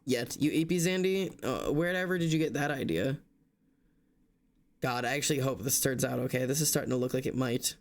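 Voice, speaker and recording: A man's voice: medium pitch, fairly quick. A young man streaming, exhausted and yawning, talking casually and apologetically to his chat.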